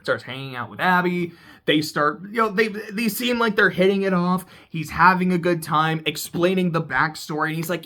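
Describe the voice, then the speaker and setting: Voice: mid-range voice, normal speed, sharp tone. A YouTuber casually recapping a game story, laid-back, with swearing and laughing asides.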